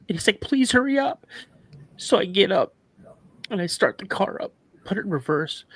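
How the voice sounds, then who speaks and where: A man's voice: a little high, vocal fry. Intense man telling a frightening story. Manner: animated retelling with quoted dialogue, emotional. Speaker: guest. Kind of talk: emotional storytelling on a live show.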